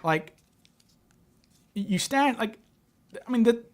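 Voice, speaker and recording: This livestream host is a man with a very high, animated voice who speaks slowly. His talk is loose and chatty, full of stutters, repeated words and restarts.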